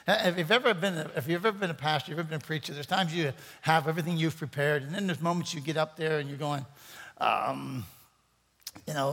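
A man's voice: on the high side, brisk, fairly bright tone. A man preaching a sermon as pastor, playful and rambling, joking with his congregation between points. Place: church sanctuary. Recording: church hall reverb.

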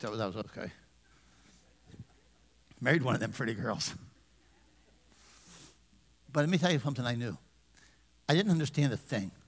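A man's voice: on the high side, fairly bright tone, big-room sound. A man in his fifties, a pastor preaching a conversational sermon with humor and questions to the congregation. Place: church sanctuary.

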